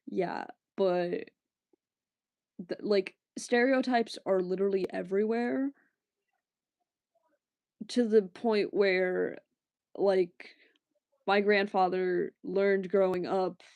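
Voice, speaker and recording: Woman streamer, unhurried rambling chat with her viewers, dry close sound. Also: mid-range voice, darkish tone, no room sound. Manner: rambling, laughing, answering chat. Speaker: livestreamer. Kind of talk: casual livestream chat.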